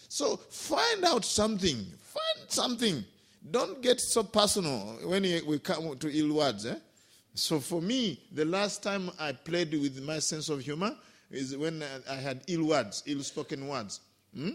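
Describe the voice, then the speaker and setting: Male Buddhist monk, pitched a touch high, animated storytelling sermon, gently humorous, peppers lines with questioning tags. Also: unhurried. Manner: animated storyteller, checks in with listeners by asking "Hmm?" and "Eh?". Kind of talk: Dhamma talk with stories.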